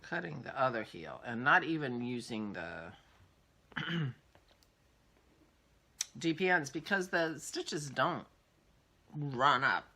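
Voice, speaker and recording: Older woman, casual vlog host, rambling chat, animated, bright voice. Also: rumbling low, slow pace, pauses often. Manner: rambling, chatty, thinking aloud. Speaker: podcast host.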